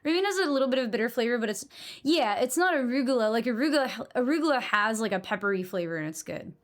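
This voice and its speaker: A woman's voice: on the high side, expressive, quick pace. A young woman from New England chatting casually with her live stream audience, blunt and given to swearing.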